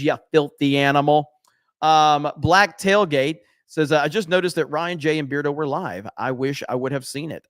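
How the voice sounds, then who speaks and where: A man's voice: a little high, smooth, no echo, clean studio sound. Joking, profane man hosting a livestream. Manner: reads viewer messages aloud, joking and profane. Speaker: livestream host. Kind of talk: casual late-night stream chat.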